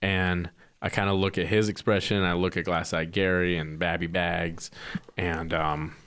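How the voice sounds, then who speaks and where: Very low-voiced man, hesitant player. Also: flat delivery, normal speed, a bit bright, smooth. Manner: hesitant, many ums. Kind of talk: playing a tabletop game, casual chat.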